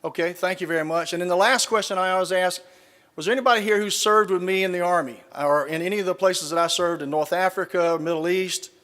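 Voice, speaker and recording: A man's voice: sits high, quick pace, a bit bright. Middle-aged Southern man, dry storyteller, on stage in a big echoing hall. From Southern United States. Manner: folksy storytelling with dry punchlines. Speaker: keynote speaker. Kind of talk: speech with humorous anecdotes. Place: large conference hall, live audience. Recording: reverberant hall.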